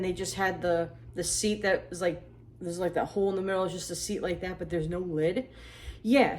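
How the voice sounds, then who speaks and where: A woman co-host tells stories from her childhood in a casual, chatty way. Her voice sits at an everyday middle pitch. She keeps her anecdotes lively. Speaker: podcast co-host. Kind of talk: casual storytelling.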